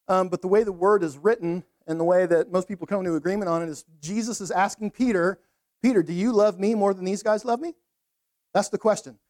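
A middle-aged man preaching a sermon in a conversational, animated storytelling way, with laughs. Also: high-pitched, brisk. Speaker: pastor.

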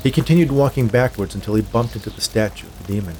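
A man reading a dark tale aloud in a measured, scripted storytelling manner. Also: lowish voice, a little hiss or hum. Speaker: narrator. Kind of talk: scripted audiobook narration.

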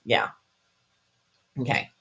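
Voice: drawn-out words, a bit bright. A podcast co-host talking casually about protests and asking for a clip to be played. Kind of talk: casual chat.

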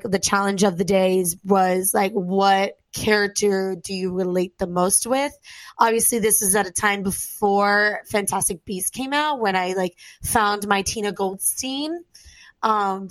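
A woman's voice: medium pitch, no echo. A woman co-hosting a casual chat, earnest and chatty with many fillers. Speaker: podcast co-host.

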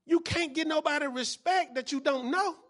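High-voiced preaching pastor, man. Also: normal speed. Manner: preaches with bursts of shouting and repeated phrases; calls to the congregation for responses. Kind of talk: sermon.

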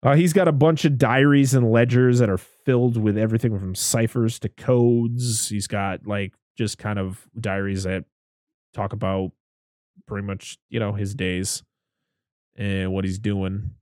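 Low-voiced man in casual profane chat. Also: fairly even intonation, unhurried, a little mellow, dry recording, clean studio sound. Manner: profane, rambling, enthusiastic retelling with filler words. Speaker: podcast co-host recapping a film.

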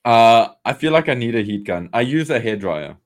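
A man's voice: medium pitch, expressive, normal speed. A South African man co-hosting a podcast, laid-back and joking in casual chat. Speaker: podcast co-host. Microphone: desk mic on a video call.

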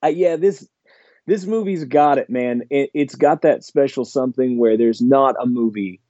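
Rambling man with a dark dull voice. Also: medium pitch, normal speed, no room sound. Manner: rambling, enthusiastic, heavy on fillers. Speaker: podcast guest. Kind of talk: casual chat.

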